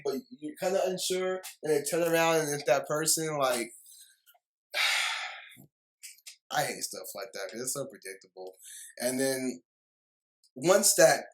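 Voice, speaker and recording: A young man rants about a film in a heated, rambling way. He repeats himself, restarts his sentences and keeps apologizing. His voice sits a little high for a man. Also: poor audio. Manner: heated, repetitive ranting with frequent apologies. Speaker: movie reviewer. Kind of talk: ranting video review.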